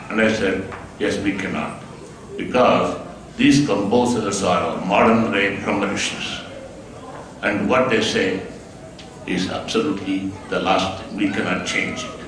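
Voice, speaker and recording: A man gives a measured, earnest guest-of-honor speech at a school event. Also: mid-range voice. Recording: echoey hall from far off, noisy.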